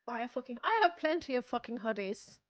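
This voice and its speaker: A woman's voice: fairly high pitch, animated, brisk, lo-fi sound. A young woman chatting casually on a livestream, rambling and self-deprecating, laughing often. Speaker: streamer.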